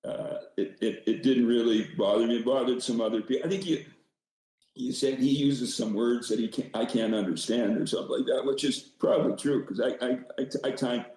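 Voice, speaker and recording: A man's voice: mid-range voice, steady tone, fairly quick, mellow, heavy reverb, poor audio. An older man, a former hockey coach, telling rambling stories as a podcast guest with many restarts. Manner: rambling, self-deprecating, frequent restarts. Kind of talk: casual storytelling.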